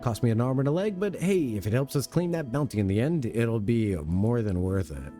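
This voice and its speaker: A man's voice: mid-range voice, animated, a little fast, mellow, faint music behind, close to an everyday voice. A man reading aloud the lines of a plain-spoken male adventurer companion from a video game, in his own everyday voice. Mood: matter-of-fact.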